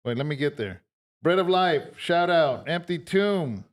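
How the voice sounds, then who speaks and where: A man with a raised, lively voice that rises and dips as he needles his co-hosts. He keeps the chat casual, asking sly questions. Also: a little high, measured pace. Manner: teasing, asks leading questions. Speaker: podcast co-host.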